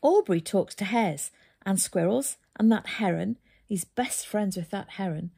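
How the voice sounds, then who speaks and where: A woman plays a giddy, flustered man bursting with news, talking eagerly and a bit breathlessly. The voice is mellow and husky, in a storybook reading. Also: mid-range voice, a little slow. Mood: excited. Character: excitable middle-aged male birdwatcher, flustered.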